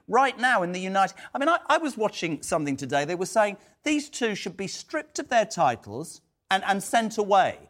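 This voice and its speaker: Man, TV debate host, emphatic, pointed questions, lively swooping voice. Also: sits high. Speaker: stand-in talk show host. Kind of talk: TV debate hosting.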